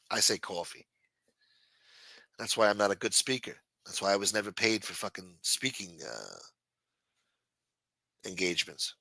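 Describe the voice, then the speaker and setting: This host's voice runs on the low side and sounds pushed and bright, with no room sound. He's a New Yorker with a New York accent, doing a late-night show where he rambles and curses in a sarcastic, offhand monologue.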